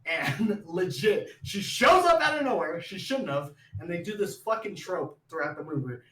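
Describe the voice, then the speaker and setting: A man co-hosting a podcast, excitedly recapping a movie scene in casual chat, laughing, swearing and acting out the characters. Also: sits high, moderate pace, echoey room, a little hiss or hum. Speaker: podcast co-host.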